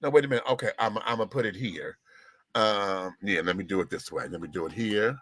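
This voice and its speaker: Male host, sassy and theatrical gossip commentary, bright, close and dry. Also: fairly low pitch, a little fast, no room sound. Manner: talks to the audience while fixing tech. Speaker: show host. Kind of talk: live-stream gossip commentary.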